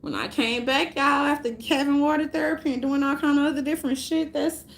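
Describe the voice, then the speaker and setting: A woman's voice: high voice, a little fast. A woman ranting casually to her viewers, rambling and profane, often breaking into laughter. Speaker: vlogger.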